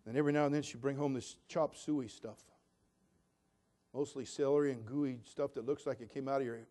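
A man's voice: mid-range voice, steady tone, a little fast, warm tone. An older man preaching a sermon in a folksy, homespun storytelling way with fervent conviction.

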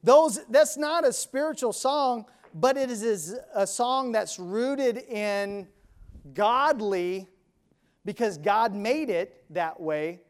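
Male preacher, high-pitched, unhurried delivery, emphatic rhetorical questions. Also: expressive. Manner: emphatic, asks and answers his own questions; counts beats and sings snatches of songs. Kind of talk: sermon.

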